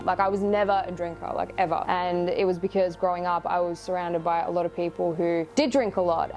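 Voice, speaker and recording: A woman's voice: lowish voice, darkish tone. A young woman, telling her own life story in a candid, reflective, confessional way, with casual swearing. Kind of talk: personal storytelling.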